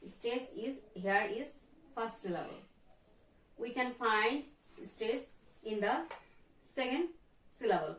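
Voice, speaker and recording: A woman's voice: on the high side, takes it slowly, pauses often, a bit bright. A woman teacher with a Bangladeshi accent, giving a lesson and repeating each word several times as a pronunciation drill. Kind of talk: slow classroom lesson. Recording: echoey room from far off.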